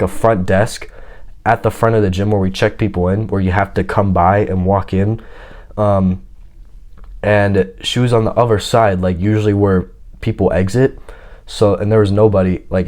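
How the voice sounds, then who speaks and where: A man's voice: fairly low pitch, a little mellow. A man casually telling a personal story in a boastful, slangy, confident way.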